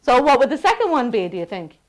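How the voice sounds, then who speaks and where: Woman lecturer, slightly high voice, lively and playful with her class. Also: quick pace. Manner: lively, playful, checks in with "okay?" often. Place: university classroom.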